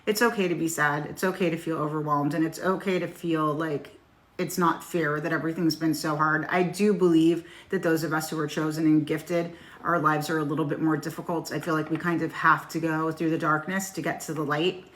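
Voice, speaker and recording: Woman, middle-aged, tarot reader, live-stream chat, blunt and casual, swears, lowish voice. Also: fairly even intonation, brisk. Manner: frank, casual, swears freely. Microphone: phone.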